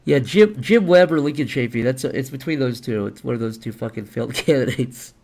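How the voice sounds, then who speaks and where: A man chatting casually on a livestream, animated, profane and quick to laugh. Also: mid-range voice, vocal fry. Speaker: streamer.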